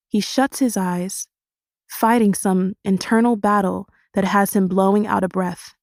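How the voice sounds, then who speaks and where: A woman reading a first-person audiobook in a steady, expressive storytelling manner. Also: mid-range voice, moderate pace, no echo, clean studio sound. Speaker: audiobook narrator.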